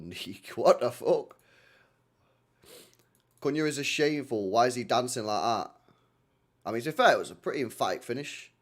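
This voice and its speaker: A man running a live football reaction stream, blunt and slangy, swearing freely as he reacts to the play. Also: mid-range voice.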